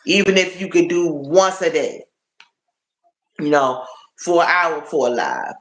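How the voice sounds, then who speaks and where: A man with a fairly high voice chats slowly on a live stream, tired and achy, looping back over the same phrases as he talks to his viewers. He sounds like he's in an echoey room, talking into a phone. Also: a bit bright. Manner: chatty, repeats phrases, addresses viewers as y'all. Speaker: livestream host.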